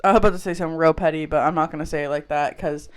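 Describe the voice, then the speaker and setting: A woman co-hosting a casual podcast. She tells stories in an animated, profane way, leaning on "like" between phrases. Her delivery stays loose and conversational. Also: sits low, rapid-fire, clean tone. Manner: animated, profane storytelling with lots of "like". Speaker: podcast co-host. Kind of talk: casual chat.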